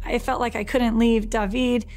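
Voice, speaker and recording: A woman's voice: on the high side, level tone, moderate pace, darkish tone. A woman telling the story of a violent attack she survived, speaking earnestly in a documentary interview. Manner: earnest, reliving events, with plain spoken retelling.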